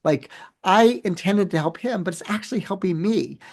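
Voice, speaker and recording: Speaking at a normal pace with a voice that sits high, a male professor and author answers an interviewer. He's animated and tells stories, often using fillers and restarting sentences.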